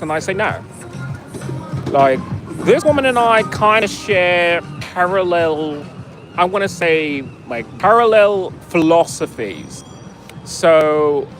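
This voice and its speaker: A man's voice: fairly high pitch, poor audio. A man telling a story in a profane, sarcastic rant, outdoors in a city. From United States. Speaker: vlogger. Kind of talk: casual ranting storytelling.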